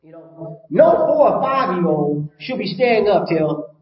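A man's voice: high-pitched, sing-song, unhurried, roomy sound, dull audio. An older man preaching a sermon as pastor, emphatic, repeating his points and asking the congregation rhetorical questions.

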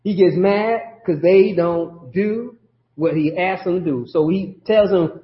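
A man preaching a sermon in a conversational style, pausing for call-outs from the congregation. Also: high voice. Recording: roomy, dull lo-fi sermon audio.

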